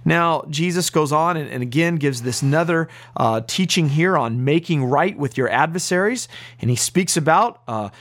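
A man's voice: on the high side, lively intonation, moderate pace, few pauses, fairly bright tone, no echo. A man teaching as pastor on a radio Bible program, preaching earnestly and urgently with emphatic repetition.

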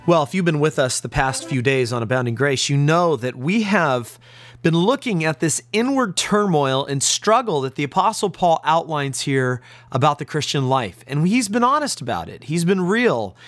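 A man's voice: fairly high pitch, sing-song, normal speed, fairly bright tone, no room sound. A man as a pastor preaching a radio sermon, earnest and emphatic, leaning on key words. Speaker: pastor and radio Bible teacher.

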